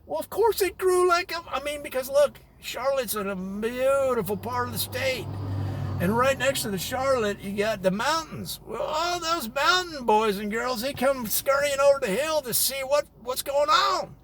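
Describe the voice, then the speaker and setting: A man's voice: very high-pitched, expressive, normal speed, a bit bright, slight background noise. A man hosting a parody spotlight, rambling with mock authority and chuckling at his own tangents. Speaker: comedic presenter. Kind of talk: improvised deadpan parody spotlight.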